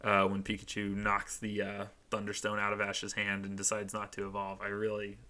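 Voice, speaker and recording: A man's voice: fairly low pitch, completely flat delivery, moderate pace, sharp tone. A young man hosting a comic read-through of his old fan fiction, self-mocking and sarcastic, at home. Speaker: channel host.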